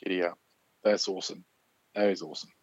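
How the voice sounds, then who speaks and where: A man's voice: low-pitched, steady tone, fast talker, creaky, no room sound. A man co-hosting a podcast, chiming in with short upbeat remarks in casual chat. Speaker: podcast co-host. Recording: dull lo-fi sound.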